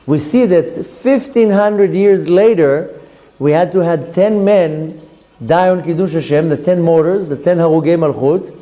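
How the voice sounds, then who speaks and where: A man's voice: fairly high pitch, measured pace, dark tone. A man, a rabbi giving a Torah lesson as a story and acting out the characters' lines.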